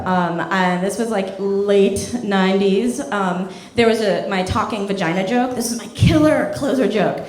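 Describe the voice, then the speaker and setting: A woman doing a stand-up set in a comedy club, animated and acting out characters in her stories. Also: medium pitch, a little slow, hardly any pauses. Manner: animated, acts out characters in quotes. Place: comedy club stage with live audience. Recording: echoey club with loud crowd laughter.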